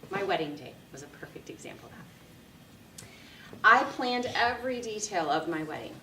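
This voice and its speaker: A woman giving a speech, telling a personal story in a lively way and laughing often. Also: medium pitch, normal speed, background noise. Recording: echoey room, mic from a distance.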